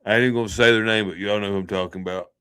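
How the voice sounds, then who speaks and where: A man's voice: on the low side, fairly even intonation, very fast, bright, forceful tone, clear, resonant tone. A man hosting a livestream, rambling through a joking, folksy sign-off chat. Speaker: livestream host.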